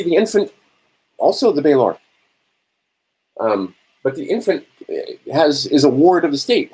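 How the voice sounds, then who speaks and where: A man's voice: mid-range voice, a little mellow, breathy edge, poor audio. A man giving an informal lecture, asking and answering his own questions and checking in with "right?" as he goes. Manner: rhetorical, keeps checking in with "right?". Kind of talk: informal lecture to a small audience.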